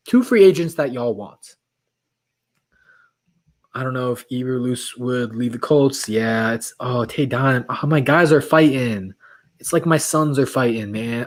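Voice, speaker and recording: A man hosting a late-night livestream, chatting casually with viewers and reading their comments aloud while his voice is getting worn. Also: medium pitch. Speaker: livestream host.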